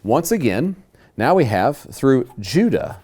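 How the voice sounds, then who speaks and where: Animated male Bible teacher. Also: medium pitch. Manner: emphatic, slows and stresses key words; live teaching to a class with handouts. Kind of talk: Bible class lecture.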